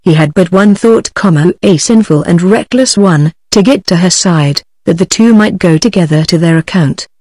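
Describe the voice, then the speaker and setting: A text-to-speech woman's voice with a British English accent, narrating an audiobook in an even, synthetic reading. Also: on the low side, normal speed, hardly any pauses, no echo.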